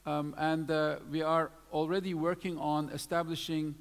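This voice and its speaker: A man's voice: a little high, flat delivery, normal speed, smooth. A man presenting awards at a live event, reading out lists of names with many fillers. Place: event hall. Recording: long hall reverb.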